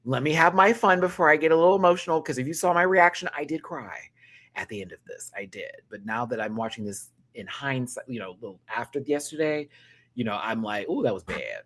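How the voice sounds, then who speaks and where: A sassy man riffs through a casual show review, his pitch leaping and dipping all over the place. He bursts out loud, then drops to murmured asides, and laughs between lines. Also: brisk. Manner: sassy, animated, swings between loud outbursts and hushed asides; laughs often while talking. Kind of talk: casual reaction commentary.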